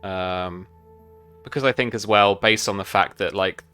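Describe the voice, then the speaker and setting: A man's voice: low-pitched, fairly even intonation, unhurried, sharp tone, clear, resonant tone, soft background music. A man narrating a tabletop game as game master, describing scenes loosely with many fillers.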